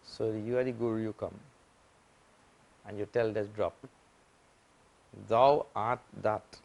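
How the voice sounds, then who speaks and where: A man giving a spiritual lecture as a swami, explaining with simple analogies and repeating key points patiently, growing louder on the important phrases. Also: on the low side, little pitch movement, normal speed, creaky, lo-fi sound. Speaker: swami teaching scripture.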